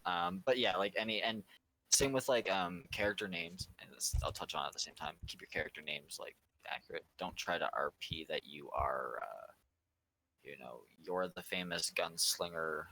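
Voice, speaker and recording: A man hosting a roleplay server's community meeting, rambling and halting with lots of fillers. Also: sits low, lively intonation, vocal fry, bright, forceful tone, a little hiss or hum, rough recording. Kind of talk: casual community meeting talk.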